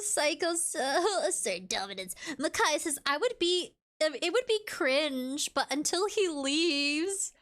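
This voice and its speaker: A woman's voice: high voice, very animated, slow pace, hardly any pauses, a bit bright. A woman chatting casually on a live stream, reading viewer comments aloud and giggling often in a playful way.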